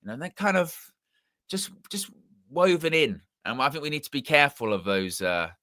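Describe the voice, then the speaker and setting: A man's voice: a little high, animated, moderate pace, pushed and bright, no echo, studio quality. A man hosting a football fan stream in casual live chat, with a mixed English accent, rambling and repeating himself as he corrects his words. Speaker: football channel host.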